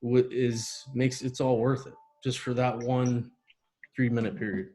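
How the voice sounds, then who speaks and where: A man's voice: medium pitch, level tone, measured pace, mellow. A man, a military veteran guest, telling a heartfelt personal story and acting out the voices and sounds in it. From United States. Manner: vivid storyteller, acts out quoted voices and sounds.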